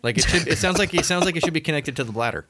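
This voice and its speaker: A man's voice: on the high side, rapid-fire. A middle-aged man hosting a podcast, chatty and joking as he tells stories in casual conversation. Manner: chatty, joking, animated storyteller. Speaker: podcast host. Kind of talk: casual chat.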